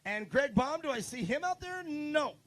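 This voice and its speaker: A man's voice: very high voice, big pitch swings, moderate pace, a bit bright. A man doing live trackside announcing at an outdoor race, joking and chatting with drivers and crews into a handheld mic.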